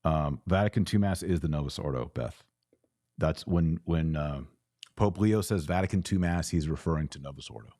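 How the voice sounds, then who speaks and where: A man's voice: rumbling low, normal speed, mellow, no room sound, clean studio sound. A man hosting a livestream, reading viewer comments aloud and answering them in an earnest, emphatic way that often repeats phrases. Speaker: host reading super chats.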